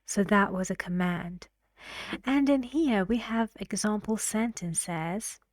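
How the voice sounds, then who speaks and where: A woman's voice: mid-range voice, slow pace, no room sound, clean studio sound. A woman teaching an English pronunciation lesson, explaining patiently and asking the learners questions.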